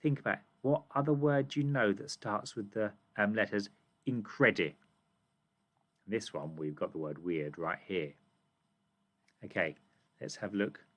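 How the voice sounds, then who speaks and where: A British primary school teacher with a lowish voice leads children through a reading comprehension lesson, asking questions and reading lines aloud with emphasis. He speaks a little slowly, pausing often. The audio sounds dull.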